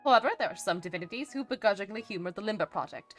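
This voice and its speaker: A woman's voice: medium pitch, expressive, rapid-fire, hardly any pauses, soft background music. A woman streaming in character, chatting casually in a rambling, hesitant way with lots of fillers and restarts, and a dry, playfully smug humor. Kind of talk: casual live-stream chat.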